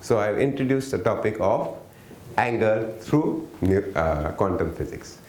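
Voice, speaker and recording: With a lowish, darkish voice and lively intonation, a male workshop teacher speaks unhurriedly, a little hiss or hum in the background. His interactive lesson, held in an echoey room, has him often questioning the audience, waiting for replies, and coaxing them to answer.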